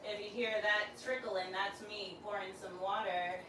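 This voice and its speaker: A woman's voice: medium pitch, measured pace, noisy background. A woman fitness instructor, coaching a live workout with whoops and encouragement. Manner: energetic, whooping, encouraging, says "y'all".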